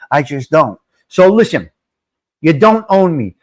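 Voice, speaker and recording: A man's voice: fairly high pitch, sing-song, a little slow. A middle-aged man hosting a live stream, chatting casually and joking with his viewers as he talks straight to them.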